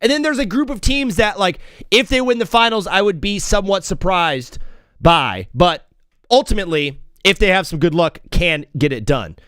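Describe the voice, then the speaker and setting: Male sports show host, high and lively voice, excitable rambling delivery, dry close sound. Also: normal speed, no echo. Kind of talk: casual live sports talk.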